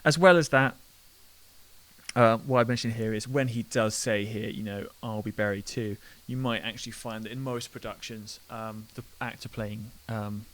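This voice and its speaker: A man's voice: lowish voice, fairly even intonation, normal speed, fairly bright tone, poor audio. A man, teaching a literature lesson in a chatty way and putting old verse into slangy everyday speech. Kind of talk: talking through a play line by line. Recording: faint hiss.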